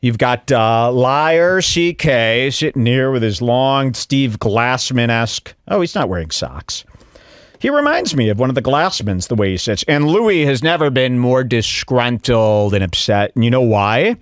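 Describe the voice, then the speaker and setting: A male podcast host giving casual, mocking commentary in a sarcastic, animated way, somewhat out of breath. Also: medium pitch, measured pace, smooth, no room sound, clean studio sound. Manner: sarcastic, animated, breaks into mock voices.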